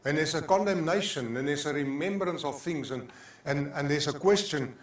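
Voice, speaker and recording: Older South African pastor, echoey church. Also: male voice, a little high, normal speed, few pauses. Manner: impassioned preaching with repeated phrases, mixing in Afrikaans. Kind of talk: sermon. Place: church sanctuary.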